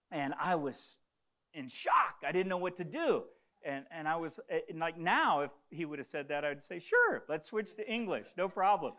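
Earnest middle-aged man preaching with stammering restarts. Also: on the high side. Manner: earnest, repeats words when starting phrases. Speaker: pastor. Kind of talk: sermon storytelling.

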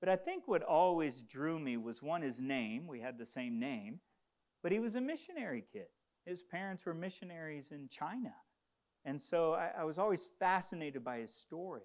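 A man's voice: a little high, expressive, moderate pace, darkish tone. A man preaching a sermon, telling a story with passion and calling on the congregation to respond. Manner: impassioned, call-and-response with the congregation. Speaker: pastor.

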